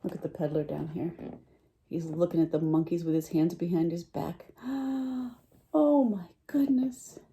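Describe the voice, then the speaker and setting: A woman teacher reading a picture book aloud to children, animated and full of questions for her listeners. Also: sits low, fairly quick, a little hiss or hum. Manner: animated, asks listeners questions, lively voice swings.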